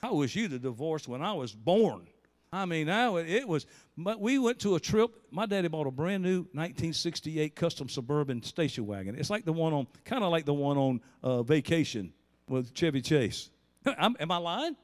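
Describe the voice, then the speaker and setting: A middle-aged man preaching a sermon, telling stories with big swings between loud and soft. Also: lively intonation, moderate pace, big-room sound. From Southern US. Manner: storytelling preacher with big swings in pitch and volume. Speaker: pastor.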